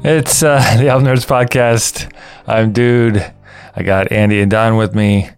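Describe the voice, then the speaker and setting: A man's voice: lowish voice, fairly even intonation, measured pace, clean tone. An American man hosting a casual music podcast, joking and laughing with his co-hosts. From United States. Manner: laughing, upbeat banter. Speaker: podcast host.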